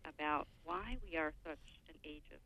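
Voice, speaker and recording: Older woman, radio guest, explanatory, slightly gravelly, tinny phone sound. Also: low voice, normal speed, sharp tone, no echo. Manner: thoughtful, explanatory, lecturing. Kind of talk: radio interview. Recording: phone line, lo-fi.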